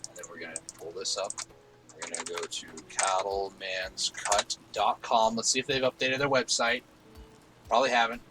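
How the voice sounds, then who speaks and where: A man's voice: on the low side, normal speed, over music, poor audio. A man in his twenties chatting casually and teasing his co-host while streaming a game. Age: 20s. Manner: joking, teasing, animated banter.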